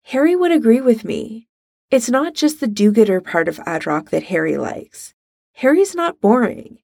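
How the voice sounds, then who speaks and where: A woman voicing a bold, teasing young woman, her lines pitched higher than her narration, in a fan fiction reading. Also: very animated, moderate pace, vocal fry, darkish tone, dry recording, studio quality, exaggerated voice. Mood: earnest. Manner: teasing and emphatic. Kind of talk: fan fiction read aloud.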